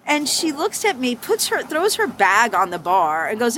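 Woman spinning bar stories, pitch bouncing all over, faint hiss behind. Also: normal speed. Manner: animated, acts out quoted voices with sharp pitch jumps. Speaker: former bartender interviewee. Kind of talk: storytelling interview.

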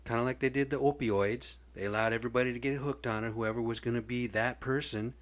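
A man's voice: mid-range voice, steady tone, fast talker. A man ranting in a vlog monologue, blunt and profane, getting worked up and swearing freely. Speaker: video blogger. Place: lives in Seattle area.

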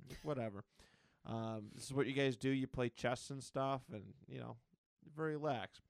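A man co-hosting a podcast, recapping a comic book in a rambling, excited casual chat. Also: medium pitch, moderate pace, gravelly, clear, resonant tone, dry recording. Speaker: podcast co-host.

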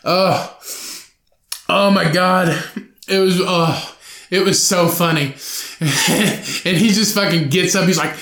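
A young man hosts a podcast alone, telling a profane story and laughing as he goes. His voice sits high and bright, and the room around him is echoey. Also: slow pace, pauses often. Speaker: podcast host. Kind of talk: casual solo podcast storytelling.

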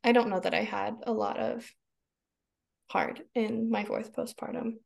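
Expressive woman with a gravelly, higher voice. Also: measured pace. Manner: expressive, laughs often, acts out her own inner voice. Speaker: podcast guest. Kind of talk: casual conversation.

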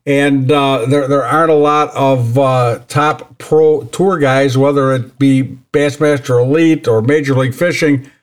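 A man's voice: mid-range voice, fairly even intonation, unhurried, few pauses. A man hosting a fishing podcast in a casual chat, talking freely and often repeating words as he restarts. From Northern Illinois. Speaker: podcast host.

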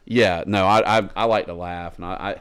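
A man's voice: low-pitched, steady tone, moderate pace, a bit bright, clear, resonant tone. A man co-hosting a podcast in casual chat, rambling and crude as he tells a long dirty joke. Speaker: podcast co-host.

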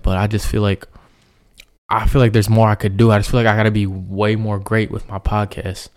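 A man's voice: fairly low pitch, flat delivery, a little fast, a little mellow. A young man hosting his own podcast, talking earnestly and reflectively in a loose, rambling monologue full of fillers. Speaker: podcast host.

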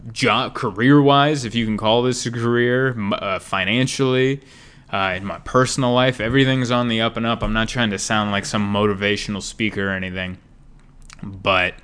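A man's voice: lowish voice, fairly bright tone, smooth. A man hosting a podcast, talking in a casual, rambling monologue that drifts off topic with wry, self-deprecating humor.

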